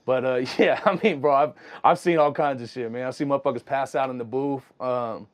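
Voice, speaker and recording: A young man, a music producer, telling stories in a casual, slangy, animated way. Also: medium pitch, a little fast. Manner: animated, slangy, full of "you know what I'm saying". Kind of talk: casual storytelling.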